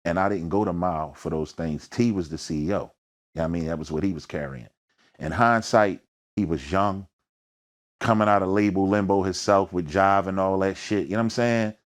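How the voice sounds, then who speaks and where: A low-voiced man with a Philadelphia accent sits down for an interview about his rap career. He talks in thick slang and tells his stories with energy, acting out the voices and sounds in them. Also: fairly quick. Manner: slangy, peppered with "you know what I mean". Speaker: rapper, interview guest. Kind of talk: storytelling in a sit-down interview.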